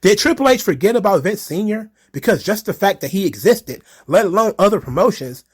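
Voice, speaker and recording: A man's voice: high voice, lively intonation, a little fast, breathy edge. A young man with a slightly raised voice riffs on viewer comments about wrestling history. He is sarcastic and laughs often. He swears casually as he talks. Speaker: wrestling commentary channel host.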